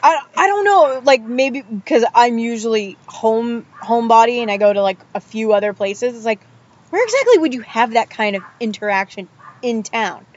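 A woman with a slightly high voice shares blunt opinions in casual podcast chat. She talks plainly and throws in quick asides. The recording sounds dull and lo-fi. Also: expressive. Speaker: podcast co-host.

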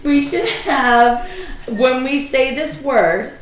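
A woman with a Massachusetts accent co-hosts a podcast in a laid-back, casual chat. The room around her has a clear echo. A faint noise sits in the background. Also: high-pitched, lively intonation, slow pace. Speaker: podcast co-host. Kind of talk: casual chat over wine.

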